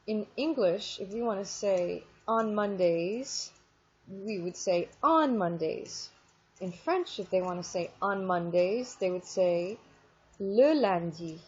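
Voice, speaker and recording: A woman teaching French in a recorded online lesson. She explains step by step and says French examples slowly and clearly. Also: mid-range voice, darkish tone. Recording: dull lo-fi screen recording.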